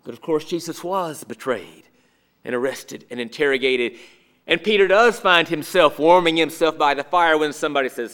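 High-voiced male preacher, emphatic. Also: moderate pace, clean tone. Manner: rhetorical questions, swinging from emphatic to hushed. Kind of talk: sermon.

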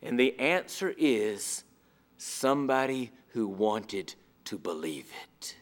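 A man preaching a sermon, asking rhetorical questions and swinging between emphatic and hushed delivery. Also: fairly low pitch, animated, takes it slowly.

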